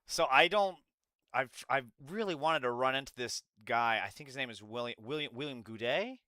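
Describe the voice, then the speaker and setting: Bright, crisp-voiced streamer, heated and mocking. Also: male voice, medium pitch, moderate pace, no room sound, clean studio sound. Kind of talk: live stream reaction commentary.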